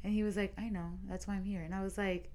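A woman's voice: mid-range voice, flat delivery, quick pace, warm tone. A young woman in her twenties, co-hosting a podcast and chatting casually as she tells a long dream story, quoting everyone with "I was like". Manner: retells a dream with lots of "I was like" quotes. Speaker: podcast co-host.

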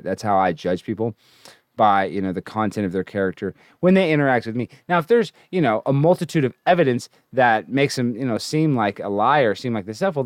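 A man's voice: mid-range voice, no room sound, clean studio sound. A man hosting his own livestream, rambling and ranting casually between hyped announcements. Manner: rambling, animated, hyped intro then ranting. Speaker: livestream host.

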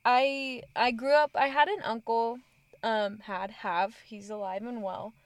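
Slow, hesitant woman in a dry room. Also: on the high side, steady tone, no echo. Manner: hesitant, halting answers. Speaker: interview guest. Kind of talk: casual interview.

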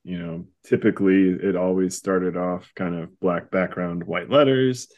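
A man co-hosting a casual comics podcast, chatting in quick, wry bursts. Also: low-pitched, steady tone, lo-fi sound. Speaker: podcast co-host. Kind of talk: casual chat.

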